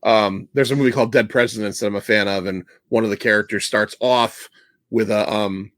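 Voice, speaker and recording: A man hosting a casual movie podcast, retelling scenes with a laugh and quick put-on voices. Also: fairly low pitch, fairly even intonation, a bit bright, no echo, studio quality. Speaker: podcast host.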